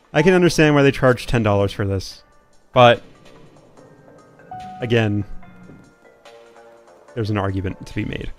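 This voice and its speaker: A young man giving casual, playful commentary while he plays a video game, thinking aloud as he goes. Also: mid-range voice. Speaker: gaming streamer.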